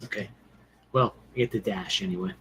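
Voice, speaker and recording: Low-voiced man thinking through his turn. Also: pushed and bright, slight background noise, poor audio. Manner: deliberate, thinking aloud. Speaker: player. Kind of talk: tabletop game play.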